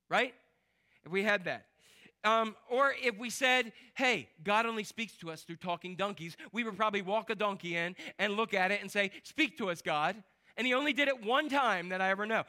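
A man preaching a lively, joking sermon in church and quizzing the congregation. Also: high-pitched. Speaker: pastor.

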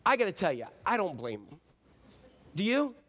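High pitched guy preaching, chatty and playful, acts stuff out. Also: wildly swooping pitch, moderate pace. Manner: casual, playful, acts out the story with shouts. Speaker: pastor. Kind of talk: sermon.

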